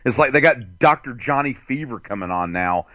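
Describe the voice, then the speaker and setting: A man's voice: medium pitch, animated, normal speed, bright, forceful tone, no room sound, highs cut off. A man from the metro Atlanta area co-hosting a podcast, rambling in crude casual banter with many fillers. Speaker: podcast co-host.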